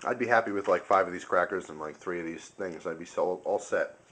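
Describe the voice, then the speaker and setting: A man's voice: sits low, fairly quick, fairly bright tone. A young man casually reviewing food on camera, chatty and enthusiastic, sometimes talking with his mouth full. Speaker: video host.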